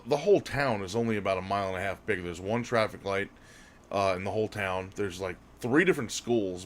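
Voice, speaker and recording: A man co-hosting a podcast, telling a casual story in a rambling way. He often corrects himself and laughs as he goes. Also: fairly low pitch. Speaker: podcast co-host.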